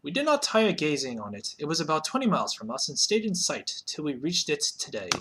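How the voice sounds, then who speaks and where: A man's voice: on the high side, wildly swooping pitch, a little fast, background noise. A man doing a pioneer traveler in an odd made-up accent. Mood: storytelling. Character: pioneer traveler on the wagon trail.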